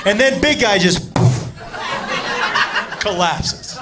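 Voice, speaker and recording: A man telling a profane story in a stand-up set, shouting his punchlines. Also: extremely high pitch, very animated, normal speed. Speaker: stand-up comedian. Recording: live club with loud crowd laughter.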